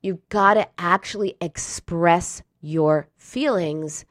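A woman's voice: lowish voice, slow pace, no room sound. Earnest woman giving plain advice, dry sound. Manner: earnest and emphatic, acts out feelings in little bursts. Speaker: self-help speaker. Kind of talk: casual advice talk to camera.

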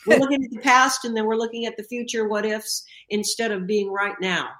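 A woman's voice: on the high side, steady tone, brisk, roomy sound. A woman hosting an interview who backs her guest with frequent short agreements and asks long, reflective questions. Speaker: host.

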